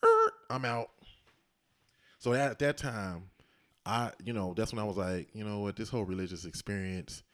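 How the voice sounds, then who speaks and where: A man's voice: lowish voice, wildly swooping pitch, moderate pace, fairly bright tone. A man in casual conversation, animatedly telling a story and acting out the voices of the people in it. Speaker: husband telling his story.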